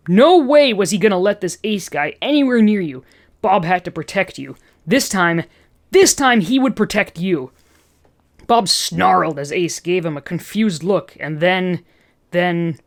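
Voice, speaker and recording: Chatty fan story reader. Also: medium pitch. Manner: chatty asides and chuckles between passages. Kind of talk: reading a fan story aloud.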